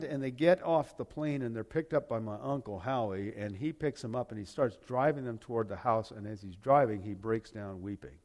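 An older man earnestly retelling a painful family story, halting and repeating words as he goes. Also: mid-range voice, a little mellow. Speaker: personal testimony speaker. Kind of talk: personal storytelling.

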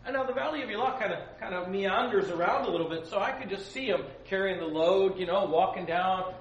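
Male preacher, storytelling sermon, animated, mic set back, roomy echo. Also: sits high, lo-fi sound, slight background noise. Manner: animated, acts out voices in his stories. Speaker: pastor leading a Bible study. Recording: roomy, distant mic with faint ambience.

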